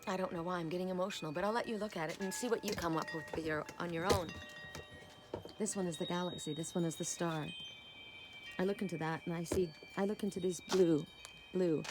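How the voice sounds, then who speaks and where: A woman's voice: lowish voice, a bit bright. A woman reading oracle cards who talks through her yard in a rambling, heartfelt way, repeating herself as she goes, with wind chimes behind her. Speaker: oracle card reader. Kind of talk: casual spiritual vlog, showing her yard.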